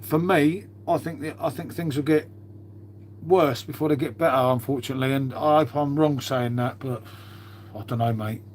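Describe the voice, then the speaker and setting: A man's voice: medium pitch, moderate pace, a little mellow, a little hiss or hum. A middle-aged man rambles casually to his live-stream viewers, calling everyone mate and musing aloud while he tidies up. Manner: laid-back, calls everyone mate, muses aloud while tidying.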